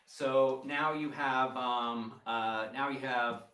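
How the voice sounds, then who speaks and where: Slow-talking man running a tabletop game. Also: mid-range voice, fairly even intonation, bright, forceful tone. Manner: rambling, filler-heavy narration. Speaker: game master. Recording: roomy sound from a distant mic.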